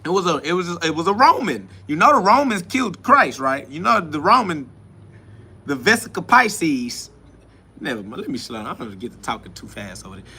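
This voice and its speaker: A man's voice: on the high side, big pitch swings, a little fast, bright, forceful tone, husky. A man hosting a casual livestream, answering chat comments in a mocking, preachy, profane and rambling way. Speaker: livestream host.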